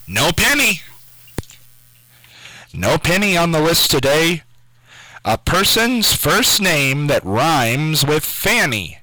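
A man's voice: fairly high pitch, very animated, slow, pauses often, sharp tone, no echo, low-quality recording. A man hosting a call-in radio quiz show from a station studio, taking callers and spelling out names letter by letter.

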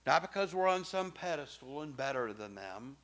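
A middle-aged male pastor preaching a sermon, emphatic and swinging from soft, low asides to loud exclamations. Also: big pitch swings, normal speed.

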